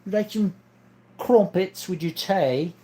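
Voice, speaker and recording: A man's voice: high-pitched, unhurried, mellow, voice pushed up. A man voicing a jolly, overfriendly down-under bloke in a put-on Australian accent with an Irish twist. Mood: chummy. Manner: chummy, sing-song, overfriendly. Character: jolly male down-under bloke offering tea.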